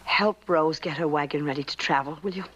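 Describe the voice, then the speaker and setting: An actress in a 1950s western playing a calm, steady woman who questions people firmly and coaxes children. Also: deep voice, brisk, lo-fi sound, slight background noise. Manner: firm, coaxing and probing. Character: steady grown woman, calm family mainstay. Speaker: actor in a western film. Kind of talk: 1950s film acting.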